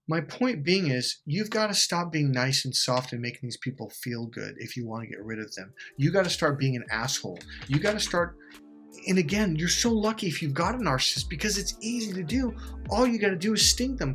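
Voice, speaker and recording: A middle-aged man hosting a self-help video, telling a blunt, swear-heavy story in an animated monologue. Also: on the high side, brisk, faint music behind.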